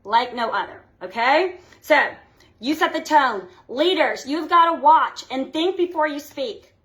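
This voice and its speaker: Team leader, woman, high voice, chatty and upbeat, keeps asking "okay?". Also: animated, a little slow, fairly bright tone. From United States. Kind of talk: motivational live talk to her team.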